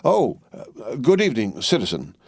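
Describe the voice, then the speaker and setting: A man voicing an Englishman who speaks haltingly with a put-on foreign accent, in an audiobook. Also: medium pitch, huge pitch swings, creaky, darkish tone, breathy edge, no room sound, clean studio sound, pitched above the performer's own voice, heavily acted. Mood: feigned. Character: weary Englishman feigning poor French.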